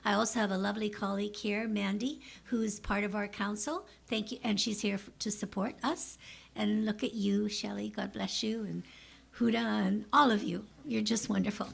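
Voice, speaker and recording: Gravelly-voiced woman in her seventies. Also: mid-range voice, fairly even intonation, moderate pace. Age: 70s. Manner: warm, emotional, chatty. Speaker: seniors group member speaking to city. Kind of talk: public presentation.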